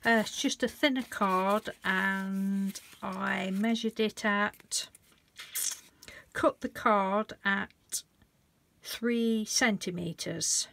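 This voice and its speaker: A woman's voice: medium pitch, drawn-out words, creaky, a bit bright. A woman hosting a casual painting tutorial, chatting and thinking aloud as she works and gushing over the colours. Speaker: craft channel host.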